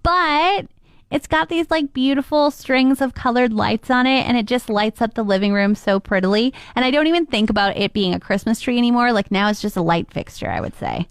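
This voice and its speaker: A woman's voice: on the high side, brisk, clean tone, dry recording, studio quality. A woman co-hosting a morning radio show, bantering casually with a playful, giggly manner. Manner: giggly, playful and self-deprecating.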